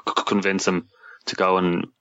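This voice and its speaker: Deep bright-toned man, lo-fi sound. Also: completely flat delivery, normal speed. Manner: short agreeing interjections and hesitant recaps. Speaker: co-host. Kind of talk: casual chat. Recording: dull lo-fi mic.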